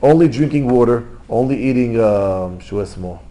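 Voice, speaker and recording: A rabbi giving an informal Torah lesson, telling stories in lively, non-native English. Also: male voice, medium pitch, normal speed, slight background noise, low-quality recording. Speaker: rabbi teaching a class.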